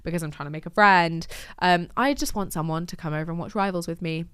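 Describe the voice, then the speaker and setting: A woman's voice: fairly low pitch, fast talker, a bit bright, smooth, no echo, studio quality. A woman in her twenties hosting a casual diary podcast, chatty and self-deprecating, with frequent laughs and sweary asides. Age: 20s. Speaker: podcast host. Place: lives in Glasgow.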